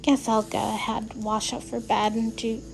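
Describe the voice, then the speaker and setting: A woman reading aloud, voicing a gentle teenage girl who is slowly losing her sight, soft and thoughtful. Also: a little high, level tone, vocal fry, slight background noise, rough recording.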